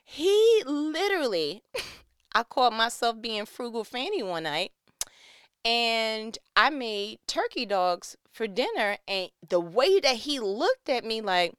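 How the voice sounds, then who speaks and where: A woman's voice: a little high, sing-song, slow, a bit bright, clear, resonant tone, dry recording, studio quality. A woman, a mother, telling funny family stories in a casual, playful, slangy way, often breaking into laughs. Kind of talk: casual storytelling monologue.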